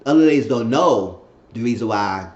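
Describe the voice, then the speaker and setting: Man, casual TV recap vlogger, animated delivery, dull lo-fi echoey sound. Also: medium pitch, moderate pace. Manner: animated storytelling, acting out quotes.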